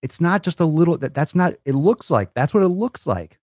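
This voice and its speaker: A man's voice: a little high, big pitch swings, brisk, a little mellow, no echo, clean studio sound. A man hosting a fitness show, lecturing his viewers in a blunt, profane, fired-up rant. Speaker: fitness coach and show host. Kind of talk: ranting monologue to camera.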